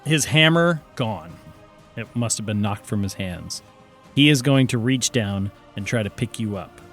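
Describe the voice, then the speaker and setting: A man's voice: lowish voice, animated, a bit bright, faint music behind. Playful man running a tabletop game. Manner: brisk, playful narration. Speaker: game master.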